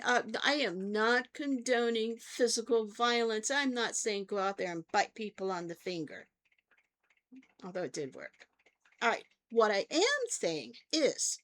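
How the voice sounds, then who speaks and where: A woman's voice: a little high, a bit bright. An older woman hosting her own vlog, telling stories in a chatty way and checking in with her listeners as she goes. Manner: chatty storytelling, often checks in with "okay?". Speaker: vlog host and therapist. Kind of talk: casual talk to camera.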